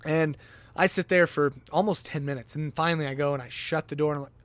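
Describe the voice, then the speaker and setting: A man hosting a podcast, telling a long everyday story in a casual, animated way and acting out his own exclamations. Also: on the high side, quick pace, dry recording. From lives in Denver, Colorado. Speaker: podcast host.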